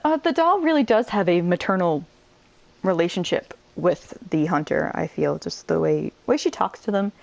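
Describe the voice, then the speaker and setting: A woman giving casual let's-play commentary, chatty and quick to swear and laugh as she switches between the story and the gameplay. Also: lowish voice, darkish tone. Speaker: gamer playing on video.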